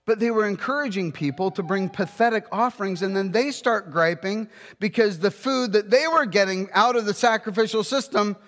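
Guy preaching a sermon, kinda high pitched, punchy questions, big echoey church sound. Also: a bit bright. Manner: emphatic, rhetorical questions, slows for scripture.

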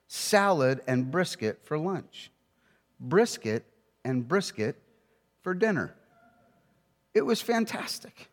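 Guy preaching a sermon, kinda high pitched, punchy questions, big echoey church sound. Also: a bit bright. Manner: emphatic, rhetorical questions, slows for scripture.

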